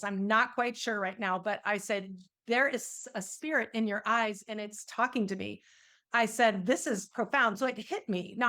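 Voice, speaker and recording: A woman's voice: fairly high pitch, a bit bright. A middle-aged woman, an energy healer, telling a personal story in an interview and acting out the quoted dialogue with animation.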